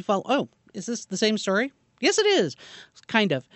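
A man's voice: sits high, huge pitch swings, normal speed, a bit bright, no echo. A man co-hosting a radio show and reading the news, with a dry, self-deprecating manner. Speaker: radio news reader and co-host.

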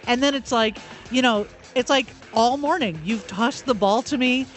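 A man's voice: very high voice, normal speed, fairly bright tone, faint music behind. A man co-hosting a radio talk show, chatting casually and poking fun at himself. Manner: self-deprecating, chatty. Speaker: radio co-host.

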